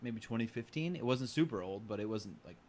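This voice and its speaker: A man's voice: on the low side, a little fast, a little hiss or hum. A man co-hosting a podcast in casual, joking chat. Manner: animated, joking. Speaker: podcast co-host.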